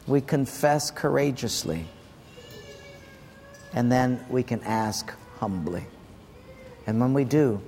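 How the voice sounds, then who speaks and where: A man's voice: medium pitch, darkish tone, long reverb tail, slight background noise. A male pastor giving a sermon, telling a personal story with quoted dialogue and then leading a prayer. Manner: storytelling, earnest, quotes dialogue, prays aloud. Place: church sanctuary.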